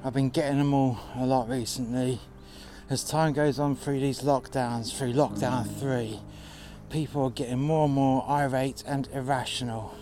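A man's voice: medium pitch, fairly even intonation, moderate pace. A man telling a sweary, exasperated story about his job, recorded outdoors in the cold. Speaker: narrator telling a work story. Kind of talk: casual storytelling. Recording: music playing behind. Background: music.

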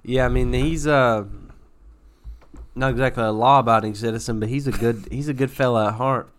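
A man's voice: medium pitch, steady tone, a little fast, clear, resonant tone. A man co-hosting a podcast, telling a ridiculous story with mock-earnest sincerity in loose, rambling casual chat. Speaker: podcast co-host. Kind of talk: casual chat, absurd tall tales.

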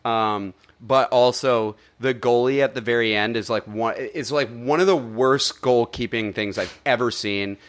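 A man with a mid-range voice talks about films in a lively, joking way, with casual swearing. The delivery is loose and conversational. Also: medium pitch, unhurried, hardly any pauses. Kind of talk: casual film review chat.

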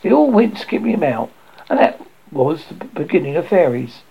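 Reader's take on a cocky storybook boy, bouncy and eager, husky gravelly tone, muffled lo-fi sound. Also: mid-range voice, big pitch swings, normal speed, a little hiss or hum. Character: boastful boy hero, lively and cocky. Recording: dull lo-fi recording.

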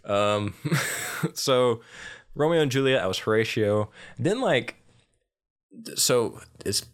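A man's voice: mid-range voice, expressive, takes it slowly. A young man co-hosting a podcast, chatting casually in a rambling, easygoing way full of fillers. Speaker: podcast co-host. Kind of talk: casual chat.

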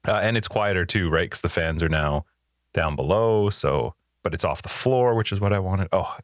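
A man in his thirties with a very deep voice chats in an upbeat, rambling way on a podcast, recorded close and dry on a studio headset. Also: lively intonation, moderate pace, no room sound. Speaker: podcast co-host. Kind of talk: casual chat.

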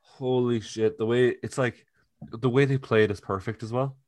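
A young man chatting casually on a podcast, emotional and animated, swearing freely and acting out quotes. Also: medium pitch, moderate pace, no echo. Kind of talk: casual chat.

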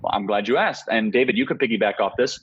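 Young man, political interview guest, rapid-fire, emphatic, husky, dull lo-fi sound. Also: fairly low pitch. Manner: emphatic, rapid argumentative delivery.

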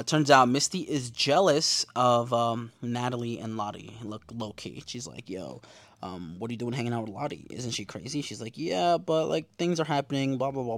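A young man talks through a show recap in loose, slangy chat, reading his notes aloud and tossing in quick asides. His voice sits at a middle pitch and sounds close and dry, with no room around it. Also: no room sound. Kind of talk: casual episode recap.

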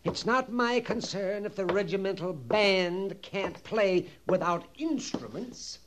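A man's voice: high voice, animated, slow pace, noisy background. An actor playing a fussy, nervous storekeeper at an army fort, fretful and theatrical, dropping his voice to whispers. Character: fussy nervous middle-aged male army-post storekeeper. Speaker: sutler running a fort canteen. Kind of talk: vintage TV western drama.

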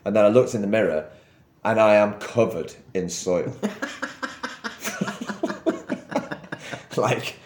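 A man's voice: on the low side, moderate pace, a little mellow, reverberant. A young man telling a story on a podcast, rambling and laughing as he goes. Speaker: podcast co-host. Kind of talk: casual storytelling chat.

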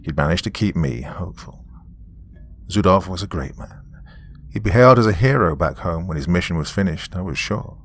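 A man telling a first-person story in a measured, descriptive way. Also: low voice, animated, a little hiss or hum.

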